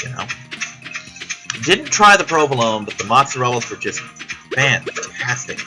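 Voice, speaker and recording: A man's voice: mid-range voice, poor audio. Guy vlogging about his week, swears a lot, chatty and rambly, music going behind him. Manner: profane, chatty, self-deprecating. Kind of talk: casual rambling storytelling.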